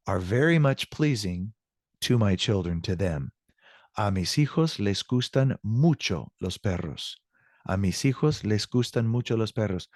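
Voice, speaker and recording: A man's voice: on the low side, darkish tone, no room sound, clean studio sound. A male Spanish teacher walking students through grammar, patiently repeating example sentences and checking in with the class.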